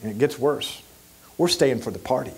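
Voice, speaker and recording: A man voicing a calm, firm male teacher who speaks lower and more softly than his own voice. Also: moderate pace, gravelly, slightly rough, poor audio.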